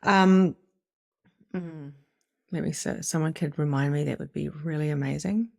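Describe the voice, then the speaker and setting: A middle-aged woman giving an animated, casual motivational talk as a spiritual coach, swearing freely and acting out inner voices. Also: deep voice, measured pace, gravelly, dry recording, clean studio sound. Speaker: psychic medium and spiritual coach.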